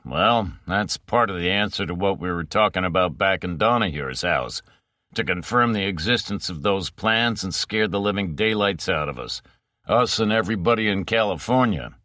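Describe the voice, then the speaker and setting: A man playing a shrewd detective with a dry, sardonic edge, low and bright-toned. Close, dry sound. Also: lively intonation, moderate pace, no echo. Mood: grim.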